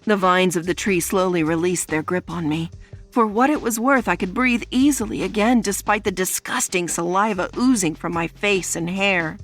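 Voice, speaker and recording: A woman narrating a first-person dark fantasy audiobook in a tense, dramatic storytelling manner. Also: mid-range voice, moderate pace, faint music behind.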